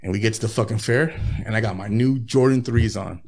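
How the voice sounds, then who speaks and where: A man's voice: lowish voice, fairly quick, vocal fry, darkish tone. A man, a rapper guest in his thirties, telling profane, laid-back stories with frequent laughs in a casual interview.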